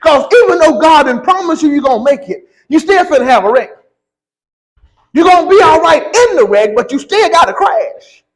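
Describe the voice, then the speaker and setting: A man preaching a sermon, reading scripture and then building to slow, emphatic shouted lines. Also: extremely high pitch, lively intonation, rough recording.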